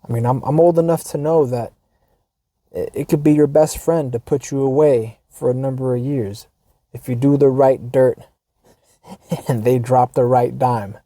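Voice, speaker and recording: Dark-voiced, wry American man. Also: mid-range voice, fairly even intonation, measured pace, no room sound, studio quality. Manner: wry and profane, with repeated restarts and quote-unquote asides. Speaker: podcast host. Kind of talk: casual monologue reading a forum post.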